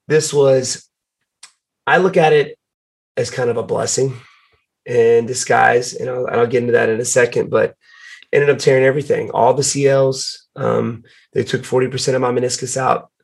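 A male guest on a podcast speaks at a middling pitch, with a gravelly rasp running under his words. He tells his stories in an easygoing, conversational way and leans on filler words as he goes. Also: moderate pace. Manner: relaxed storytelling, many fillers. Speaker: guest, fighter. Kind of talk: casual podcast chat.

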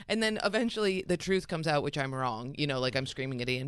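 A young woman, a comedian, telling brash, profane stories in a casual studio chat and acting out people in shrill voices. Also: animated, quick pace, hardly any pauses, clean tone, dry recording. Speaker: comedian guest. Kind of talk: casual studio talk, storytelling. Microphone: studio mic.

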